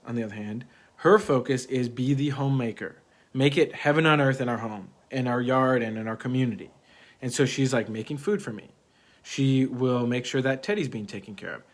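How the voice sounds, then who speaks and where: A young man talking straight to his viewers in an earnest, slightly preachy tone, with a steady mid-range voice. He leans on "like" and says his main points twice for emphasis. The sound is close and a bit thin, picked up by wireless earbuds. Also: mid-range voice. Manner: earnest, preachy, repeats key phrases, lots of "like". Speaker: vlogger, relationship coach. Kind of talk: casual monologue to camera.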